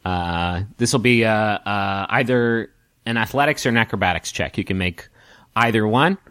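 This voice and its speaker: A man's voice: fairly low pitch, normal speed, a bit bright, smooth, no echo. A man narrating as game master of a tabletop game, hesitant, with many fillers.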